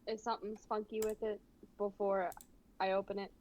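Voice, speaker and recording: Brisk playful woman player. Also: medium pitch, little pitch movement, darkish tone, lo-fi sound, slight background noise. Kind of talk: casual tabletop play.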